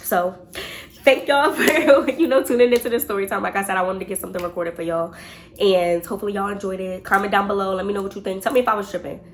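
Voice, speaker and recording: A woman's voice: medium pitch, rapid-fire, slight background noise. Chatty young woman telling a storytime. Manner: chatty, animated, talks straight to viewers. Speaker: vlogger. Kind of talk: storytime vlog.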